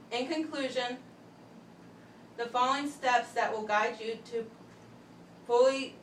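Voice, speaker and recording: Woman giving a halting demo speech, echoey room. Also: fairly high pitch, fairly even intonation. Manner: methodical, halting, with pauses and restarts. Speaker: student giving a class demonstration speech. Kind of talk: step-by-step instructional demo. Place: classroom. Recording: echoey room, voice from a distance, faint background hum.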